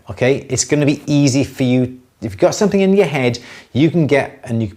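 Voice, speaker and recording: A middle-aged man hosting a live jewellery Q&A, explaining techniques step by step in a relaxed way, with many fillers and restarts. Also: mid-range voice. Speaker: jewellery maker answering viewer questions. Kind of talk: live Q&A demonstration.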